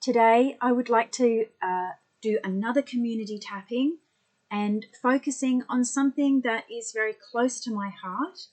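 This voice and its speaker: A woman leading a guided tapping session as an energy healer, speaking gently and soothingly with pauses. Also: on the high side, rough recording.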